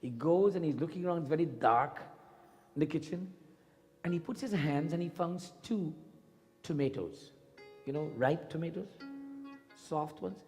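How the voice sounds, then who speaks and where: A man's voice: fairly high pitch, moderate pace, long pauses, soft background music. A man giving a sermon as a temple priest, telling a story and acting out its voices. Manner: lively storyteller who acts out the story voices. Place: temple hall. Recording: long reverb in a temple hall.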